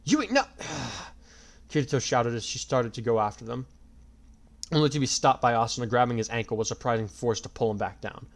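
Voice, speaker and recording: A man's voice: medium pitch, steady tone, brisk. A man reading a fan fiction story aloud as narrator in a plain storytelling voice.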